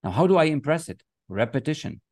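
A man's voice: a little high, sing-song, quick pace, darkish tone, no room sound, clean studio sound. A man teaching a motivational class, speaking emphatically and often repeating phrases and affirmations. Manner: emphatic and repetitive, chanting affirmations. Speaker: success coach. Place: online class, writing on screen with a mouse.

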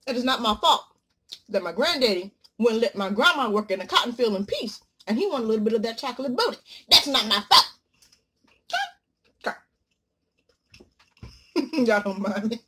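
Woman vlogger, casual eating chat, dramatic and playful, bouncy pitch. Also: expressive, normal speed, long pauses, breathy edge. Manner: playful, dramatic swings from loud exclamations to murmurs. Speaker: mukbang vlogger.

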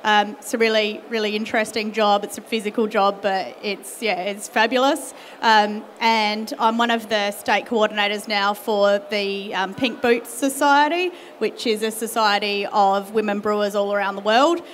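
Woman, brewer, mid-pitched voice, enthusiastic, faint background noise. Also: steady tone, moderate pace, hardly any pauses. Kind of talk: panel talk.

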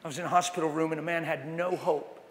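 A man preaches to a crowd in a big echoing hall, his voice pitched high for a man. He tells his stories with animation and breaks into acted voices and wailing. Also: steady tone, fast, a little hiss or hum. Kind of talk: sermon. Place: large hall with audience. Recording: long hall reverb.

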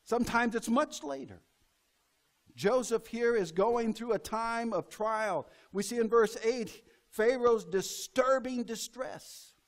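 A man's voice: extremely high pitch, takes it slowly. A middle-aged man preaching a sermon in a church, folksy and acting out the voices he quotes. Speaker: pastor.

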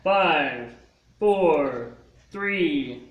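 Male emcee, playful, slow and bright; distant echoey room with faint noise. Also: on the high side, lively intonation. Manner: playful, counts down rounds. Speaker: poetry slam emcee. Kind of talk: hosting a live event.

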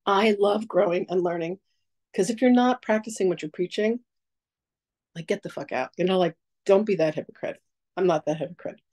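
Chatty woman, animated spiritual teacher. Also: lowish voice, poor audio. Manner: chatty, animated storytelling with put-on quotes. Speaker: psychic teacher. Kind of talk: casual masterclass talk.

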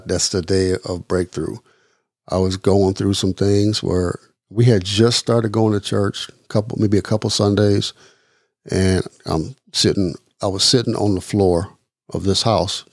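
Gravelly, earnest man telling his story. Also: on the low side, darkish tone, dry recording, studio quality. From East Chicago, Indiana. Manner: earnest, halting, repeats words. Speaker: podcast guest. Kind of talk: personal testimony interview.

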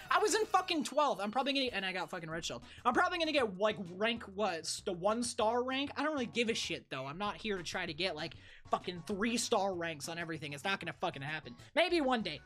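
A young woman streamer giving loud, profane, frustrated commentary while playing a racing game. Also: mid-range voice. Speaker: gaming streamer. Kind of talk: live gameplay commentary. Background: faint game music.

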